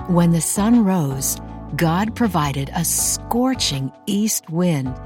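Woman Bible teacher, middle-aged; unhurried, expressive scripture reading and prayer over faint music. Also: lowish voice. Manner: earnest, expressive reading with call-and-response.

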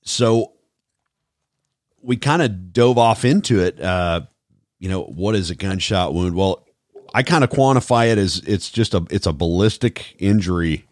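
A man hosting a podcast, talking in a measured, thoughtful way with many fillers. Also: low voice, lively intonation, dry recording, studio quality. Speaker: podcast host, former trauma responder. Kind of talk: casual podcast conversation.

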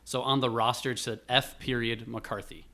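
A man from Buffalo, New York, tells a long family story as a guest in easy, rambling chat. His voice sits at an everyday middle pitch, and he keeps the tale moving by acting out what people said. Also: moderate pace. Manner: lively, rambling storyteller with acted-out quotes. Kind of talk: casual storytelling.

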